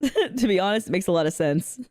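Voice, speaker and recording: A woman's voice: medium pitch, lively intonation, fairly quick, darkish tone, dry recording. A young woman streamer chatting casually with her viewers, giggly, playful and cheerfully profane, on a close desk mic. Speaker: streamer reacting to a video. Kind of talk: casual reaction chat.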